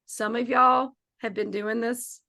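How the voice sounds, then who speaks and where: A woman's voice: a little high, fairly even intonation, a little slow, bright, forceful tone. A woman teaching a live online feng shui class, upbeat and chatty as she coaxes her students along.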